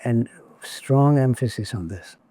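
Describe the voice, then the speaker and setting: Man lecturing, slow and deliberate, warm mellow tone, dry close sound, little wry jokes now and then. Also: medium pitch, dry recording. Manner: measured, deliberate delivery with wry asides. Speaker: lecturer on spiritual traditions.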